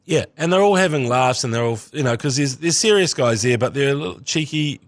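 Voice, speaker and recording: A man with a New Zealand accent co-hosting a casual podcast chat, sweary and animated. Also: medium pitch, a little fast, dry recording. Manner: sweary, animated, jokes in put-on voices. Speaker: podcast co-host.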